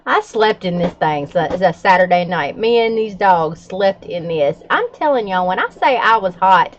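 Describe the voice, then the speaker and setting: A woman's voice: fairly low pitch, animated, normal speed, muffled recording. A middle-aged woman, chatting candidly to her viewers with frequent fillers and laughs. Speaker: vlogger. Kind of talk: casual chat to camera.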